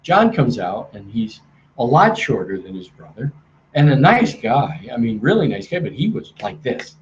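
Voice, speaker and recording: This is a middle-aged man coaching salespeople over a webinar, lively and chatty, often slipping into the voices of customers. His voice has a middle pitch, and the sound is slightly dull and lo-fi with faint noise underneath. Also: moderate pace. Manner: energetic, acts out quoted dialogue. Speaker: sales trainer. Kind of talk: webinar sales training talk. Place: hotel room.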